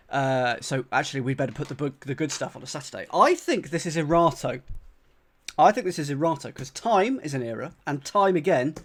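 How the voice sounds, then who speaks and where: A man from the UK streaming live as he solves a crossword, thinking aloud, repeating clues and talking to his chat with lots of fillers and restarts. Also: fairly high pitch. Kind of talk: casual live-stream commentary.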